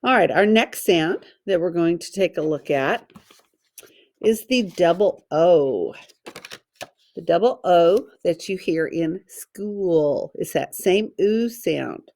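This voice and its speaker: Slow, careful woman teaching phonics. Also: on the low side, lively intonation, darkish tone. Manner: slow, careful, sounding out letters and syllables. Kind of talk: phonics lesson for children.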